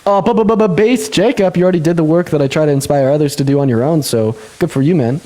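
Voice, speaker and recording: Young guy running a live stream, talks quick and swears a lot, voice shoots way up when he gets hyped. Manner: fast, laughing, swears a lot, jumps high in pitch when excited. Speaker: livestream host. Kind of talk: casual livestream debate.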